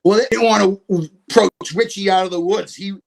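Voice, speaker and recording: A man with a raspy voice telling a story as a guest on a casual podcast, laughing often. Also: sits high, fairly even intonation, fairly quick.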